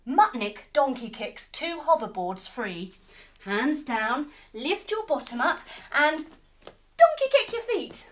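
Playful high-voiced woman leading kids' yoga. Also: slow pace. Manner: playful, animated, with sound effects. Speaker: kids' yoga instructor and storyteller. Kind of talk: guided yoga story for children.

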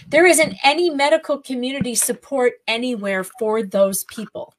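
A woman's voice: high voice, normal speed, few pauses, rough recording. Indignant, emphatic woman podcast guest. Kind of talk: conversational podcast interview.

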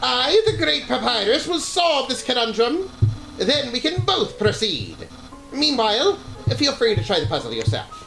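A man's voice: very high-pitched, huge pitch swings, normal speed, gravelly, pushed and bright, faint music behind, voice pushed up, exaggerated voice, low-quality recording. A man reading game dialogue aloud, voicing a boastful male skeleton in a grandiose, theatrical way.

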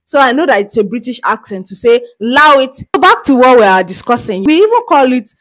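A young woman from Nigeria talks through street interview clips in a loose, chatty way. Her voice sits a little high, and she breaks into laughs and animated asides as she goes. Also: fast talker. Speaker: reaction video host. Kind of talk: casual reaction commentary.

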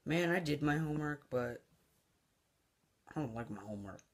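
A man's voice: on the high side, animated, moderate pace. A young man making a goofy comedy sketch video, silly and jumpy, dropping to mumbles and then popping back up. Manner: silly and jumpy, swinging between mumbles and yelps. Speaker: video maker.

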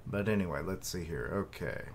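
A man's voice: deep voice, animated, brisk, vocal fry, slight background noise. A man streaming a live reaction, reading and commenting casually with many hesitations. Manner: hesitant, with fillers and asides.

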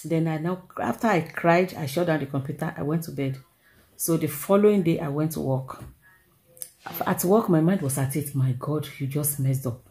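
A middle-aged Nigerian woman vlogging, telling a personal story in an animated, exclamatory way and repeating herself for emphasis. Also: deep voice, normal speed. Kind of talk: casual storytelling to camera.

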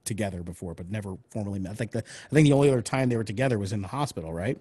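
A man's voice: lowish voice, lively intonation, racing, mellow, breathy edge. A man in casual brainstorming chat about script notes, rambling with lots of fillers and acting out character lines. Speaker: screenwriter discussing script notes.

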